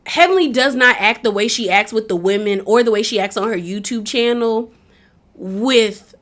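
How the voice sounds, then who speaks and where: A woman's voice: on the high side, moderate pace, a bit bright. A woman giving a casual, opinionated recap of a reality show. She talks chattily, with a lot of "like", and acts out the quotes.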